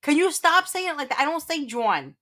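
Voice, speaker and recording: A woman's voice: high-pitched, very animated, fairly quick, sharp tone. Playful woman host chatting on a livestream. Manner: playful, teasing, laughs often; rambling with restarts. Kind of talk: casual livestream chat.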